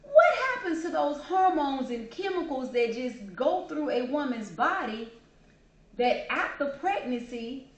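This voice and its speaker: Her voice is high and very animated, a little slow, as this host chats about personal matters in an echoey room. The woman gets emotional, and you can hear her smiling and laughing throughout.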